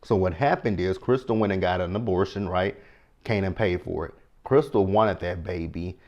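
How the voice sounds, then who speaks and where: A man's voice: sits low, normal speed, dull audio. A man, casually recapping a TV episode and talking straight to his viewers. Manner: chatty and animated, talks to viewers directly. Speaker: TV show recap host.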